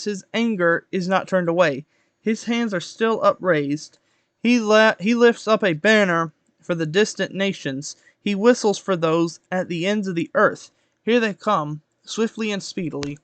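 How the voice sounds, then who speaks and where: Man, high voice, dry close sound, casual Bible reading on stream, stumbles and self-corrects. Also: fairly bright tone, dry recording.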